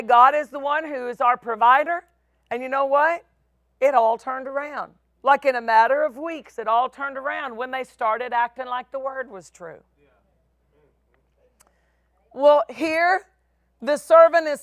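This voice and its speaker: A middle-aged woman pastor preaching a sermon, with emphatic, drawn-out phrases and voices for the people in her stories. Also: high-pitched, a bit bright, no echo, studio quality.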